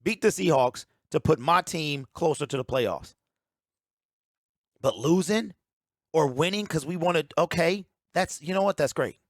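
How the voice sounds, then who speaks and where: A man's voice: on the high side, animated, measured pace, no echo. A man giving opinionated sports talk as a commentator, emphatic and ranting, repeating his key points on a close mic.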